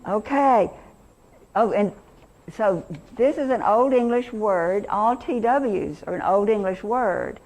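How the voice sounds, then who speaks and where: A woman's voice: medium pitch, takes it slowly, darkish tone. A middle-aged woman teacher leading an interactive workshop lesson, enthusiastic and quizzing her audience.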